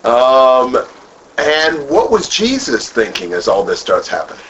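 A man leads a group Bible study at an unhurried pace, his pitch rising and falling widely as he quizzes the group and builds on their answers. The recording is muffled and lo-fi, with a faint hiss underneath. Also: wildly swooping pitch, a bit bright. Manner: asks the group questions, then repeats and expands on their answers. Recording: dull lo-fi room recording with faint noise.

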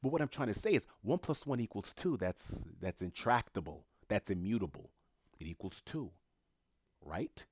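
A man's voice: lowish voice, animated, normal speed, a little mellow, husky, no room sound, clean studio sound. A man giving an opinion monologue, lecturing, firing off rhetorical questions and answering them himself with emphatic repetition. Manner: emphatic repetition, punchy short phrases. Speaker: commentator.

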